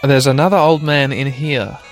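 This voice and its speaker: Over faint background music, a man hosts a podcast while playing a video game, giving casual let's-play commentary at a moderate pace in a mid-range voice. He's chatty and self-mocking, laughs often, and talks straight to his listeners.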